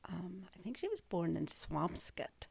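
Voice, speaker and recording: A woman's voice: lowish voice, big pitch swings, measured pace, gravelly, darkish tone, breathy edge, dry recording. A woman in her sixties from Northern Virginia, a guest telling stories in a casual interview and laughing often. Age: 60s. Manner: chatty storyteller, laughs often.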